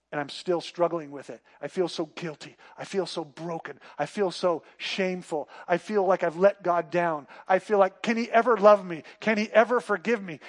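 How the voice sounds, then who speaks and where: High-voiced preaching pastor, hushed then loud. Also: male voice, normal speed, hardly any pauses. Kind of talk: sermon.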